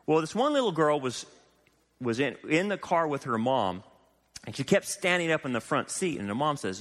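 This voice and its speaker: A man preaching a sermon as pastor, animated and full of rhetorical questions to his congregation. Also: fairly high pitch, moderate pace. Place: church sanctuary. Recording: long hall reverb.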